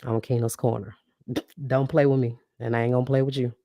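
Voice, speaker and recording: Her extremely low, warm voice barely moves in pitch but keeps a brisk pace as she hosts a live podcast, reading comments, laughing often and addressing listeners as y'all in a casual, animated way. The sound is clean studio quality with no room sound.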